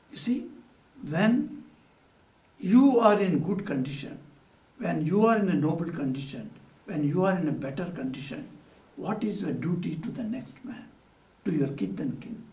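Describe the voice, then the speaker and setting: Brief: male swami, storytelling sermon, high voice, roomy echo. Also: gravelly, darkish tone. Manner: storytelling with rhetorical questions, non-native phrasing. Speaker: swami giving a spiritual talk. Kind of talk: devotional talk. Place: hall at a Vedanta society. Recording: echoey room, mic at a distance.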